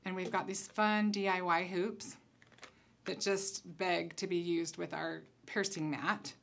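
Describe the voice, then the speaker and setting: At a measured pace and in a gravelly, lowish voice, a woman leads a casual craft tutorial from her table. A concept designer by trade, she's chatty and relaxed, thinking aloud while she works.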